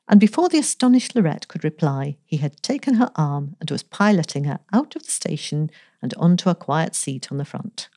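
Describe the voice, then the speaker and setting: A woman narrating a romance story in a measured, even reading. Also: sits low, no echo, clean studio sound.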